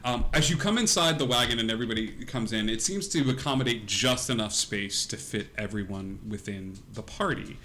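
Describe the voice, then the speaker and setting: Bright-voiced male game master, laughing. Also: lowish voice, brisk, few pauses, slight background noise. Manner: lively, acting out characters mid-narration. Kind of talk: narrating a tabletop game.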